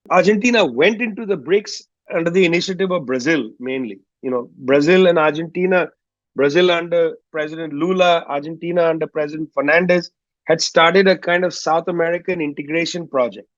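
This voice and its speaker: A man speaks in a somewhat raised register and explains his points at a measured pace, often with small asides. The recording is dull and slightly lo-fi, with a dry, close sound and no room echo. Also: on the high side. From India. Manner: measured, explanatory, frequent "you know" asides. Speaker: guest historian. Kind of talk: analytical interview answer.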